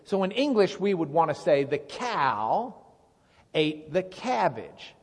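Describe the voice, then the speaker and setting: Animated man teaching in a hall. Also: on the high side, takes it slowly, breathy edge. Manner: animated, explanatory, asks the room questions. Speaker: Bible teacher. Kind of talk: Bible teaching to a congregation. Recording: long reverb of a large hall.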